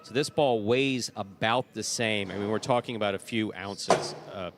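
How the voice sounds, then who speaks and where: Low-voiced middle-aged male sports announcer. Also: moderate pace, a bit bright. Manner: chatty, explanatory, self-correcting. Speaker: jai alai announcer. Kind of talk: broadcast commentary and chat.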